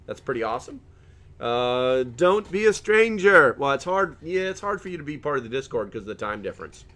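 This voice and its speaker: A middle-aged man in easygoing live-stream chat, joking his way through viewer comments and laughing often. His voice sits at an ordinary middle pitch. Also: animated, fast, fairly bright tone.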